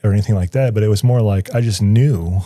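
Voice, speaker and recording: A man speaks as an interview guest in a studio, recounting a personal story in a reflective, searching way. His voice sits fairly low, with a soft, mellow tone. The sound is close and dry, with no room echo. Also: quick pace. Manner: reflective, searching for words with frequent restarts. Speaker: guest, writer.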